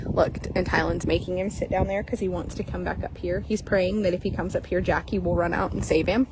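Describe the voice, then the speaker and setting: A woman's voice: lowish voice, steady tone, brisk. A woman horse trader giving blunt, joking commentary on a training session outdoors. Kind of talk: casual commentary. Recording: noisy outdoor ambience.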